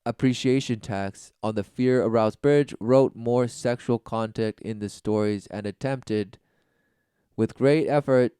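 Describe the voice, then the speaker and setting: A man's voice: lowish voice, warm tone, smooth, dry recording, studio quality. A man giving preaching commentary, reading passages aloud and answering them with sarcastic, mocking remarks. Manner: reads study text aloud, then scoffs.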